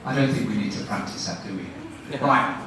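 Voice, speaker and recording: A man's voice: fairly low pitch, noisy background. Man teaching in an echoey hall. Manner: brisk questioning with quick praise. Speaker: guest lecturer and teacher trainer. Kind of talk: demonstrating classroom teaching to an audience. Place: university lecture room. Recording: echoey room from a distant mic.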